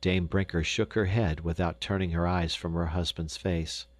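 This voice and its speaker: A man reading a classic children's novel aloud as audiobook narrator, with expressive storytelling delivery on a close studio mic. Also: low-pitched, moderate pace, no echo.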